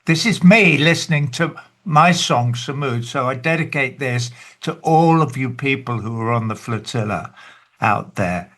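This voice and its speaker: An older man on a video call, a songwriter talking about his song in an unhurried, emotional way. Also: mid-range voice, a bit bright. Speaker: songwriter guest. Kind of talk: casual talk on a webinar call.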